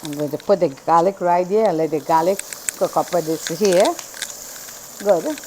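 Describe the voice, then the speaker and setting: A woman's voice: lowish voice, animated, normal speed, dark tone, slight background noise. A woman from Trinidad with a Trinidadian accent, hosting a casual cooking demonstration in a home kitchen. She chats as she works and repeats phrases, with a slightly irritated throat that makes her cough now and then. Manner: chatty, repeats phrases, talks while working. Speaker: cooking channel host.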